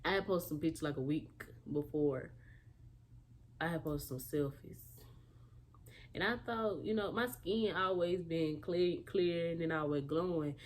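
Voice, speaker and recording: Young woman w/ aave telling her storytime, lowish voice, jumps around doing everyones lines. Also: unhurried. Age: young adult. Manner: animated storytelling, acting out quotes. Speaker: vlogger. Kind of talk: casual storytime.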